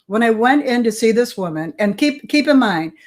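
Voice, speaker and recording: A woman's voice: fairly high pitch, expressive, moderate pace, a little mellow. A middle-aged woman, a guest on an interview show, telling her life story in a candid, plain-spoken way. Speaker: guest, bully prevention expert. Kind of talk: personal storytelling in conversation.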